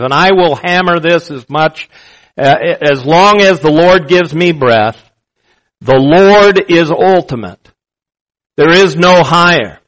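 A male pastor preaching a sermon, emphatic and slow, repeating his key phrases for weight. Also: on the high side, fairly bright tone, rough recording.

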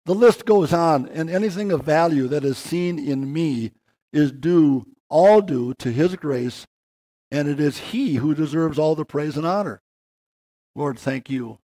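An older man giving an earnest sermon, slowing down and rising in pitch to stress key words. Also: dark tone. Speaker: preacher.

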